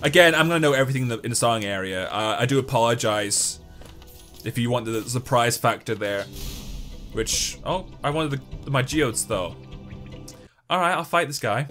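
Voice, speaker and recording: A young man giving excitable, joking let's-play commentary while he talks to the game. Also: medium pitch, normal speed, soft background music. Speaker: gaming YouTuber.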